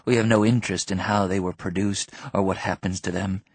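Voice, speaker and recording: A man's voice: low voice, fairly even intonation, fairly quick, husky, no echo. A man voicing a tall, thin, bitter grieving father in an audiobook, sneering and cutting. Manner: sneering, bitter, breaks into sobbing rage. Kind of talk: audiobook character voice.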